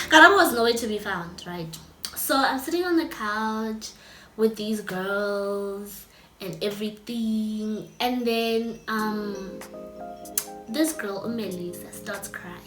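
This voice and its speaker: A young woman telling a story to her viewers in a chatty, animated way. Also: mid-range voice, slow. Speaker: vlogger. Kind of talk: casual storytime. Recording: echoey room with faint music.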